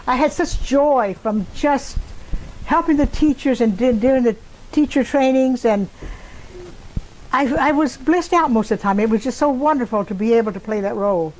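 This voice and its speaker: A woman's voice: fairly high pitch, moderate pace, a little mellow, a little hiss or hum, low-quality recording. An older woman with a Texan accent, telling a personal story in a rambling way and acting out the voices of the people in it. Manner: rambling, acts out quoted voices. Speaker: interviewee.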